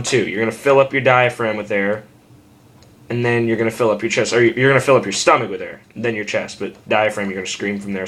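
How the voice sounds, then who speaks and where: A man's voice: medium pitch, fairly bright tone. A young man talks through a home-made screaming lesson in a loose, rambling way. He curses freely and jokes at his own expense, and he sounds as if he is recorded on a simple camera mic at home. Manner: rambling, profane, self-deprecating. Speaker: screaming tutor. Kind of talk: casual vocal tutorial.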